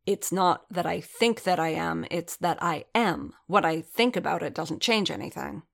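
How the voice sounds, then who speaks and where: A stubborn armored warrior man speaks in blunt, clipped replies, as a woman reading the story puts him on. The voice sits low and gravelly, with a curt edge. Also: moderate pace.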